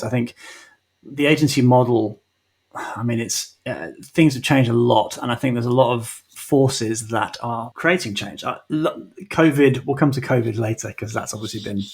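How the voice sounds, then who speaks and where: A man's voice: medium pitch, husky. A middle-aged man hosting a marketing podcast, chatty and rambling, with many ums and restarts. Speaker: podcast host. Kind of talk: casual interview talk.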